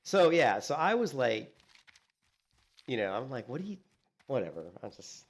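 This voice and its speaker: Animated man telling a gaming story. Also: medium pitch, a little slow, creaky. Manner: animated storytelling, acting out what others said; fillers like "you know" and "like". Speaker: game streamer. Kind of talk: casual gaming stream chat.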